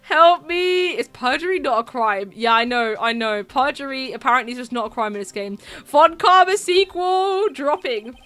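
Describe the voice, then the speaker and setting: A UK woman streams a game playthrough, reading the dialogue aloud, voicing characters, and laughing often in an excitable way. Her high-pitched voice runs at normal speed with hardly any pauses.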